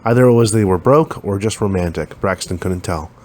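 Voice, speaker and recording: Low-voiced man reading a story. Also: fairly quick, darkish tone. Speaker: narrator. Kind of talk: reading a science fiction serial aloud.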